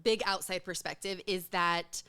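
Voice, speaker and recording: A woman guest on a podcast, chatting casually in a playful, jokey, animated way. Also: lowish voice, moderate pace, smooth. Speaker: podcast guest, comedy writer. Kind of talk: casual chat.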